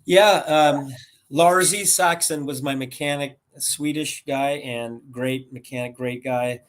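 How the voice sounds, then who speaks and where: An American man in his sixties, a guest rambling through animated anecdotes over a video call. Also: medium pitch, measured pace. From United States. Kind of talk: casual storytelling interview.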